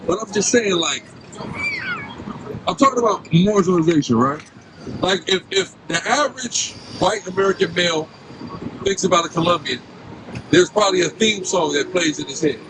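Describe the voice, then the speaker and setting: A man's voice: high-pitched, expressive, normal speed, long pauses. A man preaching outdoors on a city street, questioning passersby and repeatedly asking "right?". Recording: street noise and traffic.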